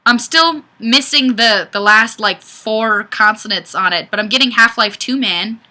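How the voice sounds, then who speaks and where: A livestream host reads out her viewers' comments over a webcam microphone, chatting and poking fun at herself. She speaks unhurriedly in a fairly high, sharp-toned voice.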